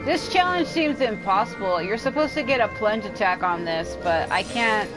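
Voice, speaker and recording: A woman's voice: medium pitch, animated, normal speed, music in the background. A woman streaming a video game, rambling and exasperated as she comments, swearing often. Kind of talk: casual live gameplay commentary.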